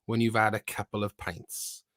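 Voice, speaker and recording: A man hosting a podcast, opening the episode and bantering in a relaxed, upbeat way over a video call. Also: on the low side, normal speed, dry recording, studio quality. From Wales. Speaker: podcast host. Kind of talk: casual chat.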